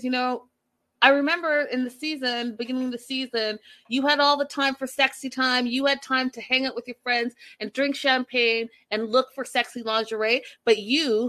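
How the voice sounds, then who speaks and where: Sassy woman recapping a show live. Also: high voice. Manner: animated, opinionated, sassy asides. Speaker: live-stream recap host. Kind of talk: casual reality-show recap on a live stream.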